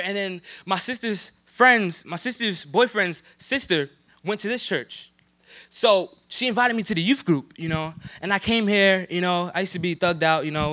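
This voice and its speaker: Young man from New Jersey, high bright voice, loose slangy testimony full of fillers. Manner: casual street slang, many fillers like "you know what I'm saying". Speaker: church youth member giving testimony. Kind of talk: personal testimony.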